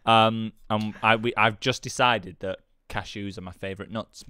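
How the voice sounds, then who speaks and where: A man's voice: fairly low pitch, steady tone, moderate pace, bright, forceful tone, clear, resonant tone. A man co-hosting a live game stream, chatting casually, laughing often and teasing his co-host.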